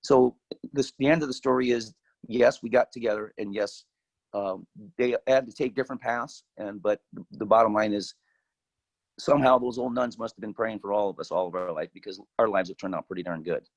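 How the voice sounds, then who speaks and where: A man's voice: on the low side, a little fast, vocal fry, no room sound, poor audio. Older man telling a folksy life story. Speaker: guest speaker. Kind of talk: personal storytelling.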